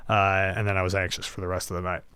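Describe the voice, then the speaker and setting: A man tells a casual story on his solo podcast, animated and self-deprecating, with plenty of fillers. His voice sits fairly low and sounds smooth and clear. The recording is close and dry. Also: fast talker, no room sound. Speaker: podcast host.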